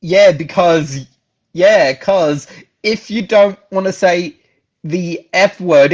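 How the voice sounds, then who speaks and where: A man talks in a loose, rambling way, cracking jokes and repeating himself. His voice sits a little high. The recording sounds dull and lo-fi. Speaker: guest. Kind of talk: casual chat.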